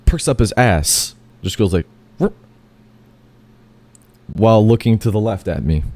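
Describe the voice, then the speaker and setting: A man's voice: fairly low pitch, mellow, no room sound. A man telling a long, rambling first-person story, full of fillers, self-corrections and casual swearing.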